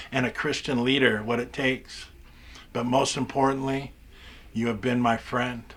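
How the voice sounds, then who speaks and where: Male pastor, mid-pitched, earnest and halting, repeats words, heartfelt church tribute. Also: a bit bright. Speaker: pastor and mission chaplain. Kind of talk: prepared farewell tribute.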